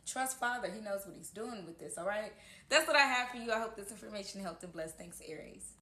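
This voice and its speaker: Her medium-pitched voice sounds pushed and bright as this tarot reader moves a little quickly through a relaxed horoscope reading. She's sincere and supportive, checking in with "okay?" often, in an echoey home room.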